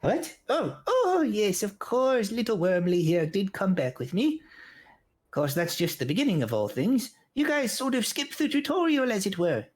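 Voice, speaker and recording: A man voicing a tiny, very old male gnome leader who is gruff, commanding and a little out of breath. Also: sing-song, moderate pace. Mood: brisk. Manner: high, huffing, commanding and brusque.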